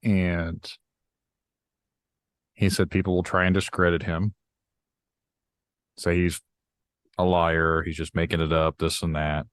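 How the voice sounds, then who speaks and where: A man hosting a podcast, talking in a relaxed, hesitant way with frequent hedging. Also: deep voice, slow pace, pauses often, smooth, no echo. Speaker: podcast host. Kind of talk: casual podcast talk.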